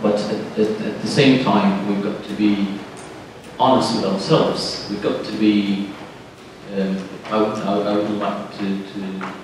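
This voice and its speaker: A man on a discussion panel, speaking earnestly and haltingly with many restarts. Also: on the low side, little pitch movement. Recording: echoey hall, distant mic, some noise.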